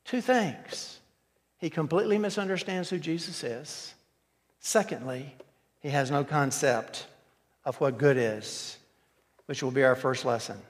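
A man's voice: fairly high pitch, measured pace, pauses often. A man preaching a sermon, teaching emphatically and asking many rhetorical questions. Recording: long hall reverb.

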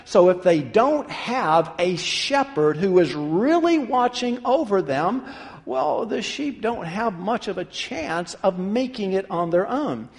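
A man's voice: sits high, long reverb tail. A man preaching a sermon as a pastor, talking conversationally and lifting his voice for emphasis.

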